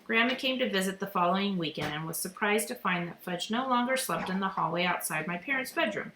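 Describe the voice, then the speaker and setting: A woman reading a children's chapter book aloud in a steady, clear storytelling manner. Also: mid-range voice, fairly quick. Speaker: reader. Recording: echoey room, faint noise.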